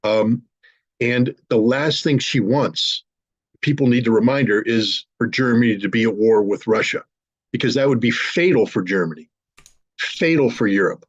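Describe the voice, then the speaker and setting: Husky, indignant male commentator. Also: mid-range voice, normal speed, no room sound, muffled recording. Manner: forceful, indignant, blunt. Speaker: guest commentator. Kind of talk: political commentary in an online interview.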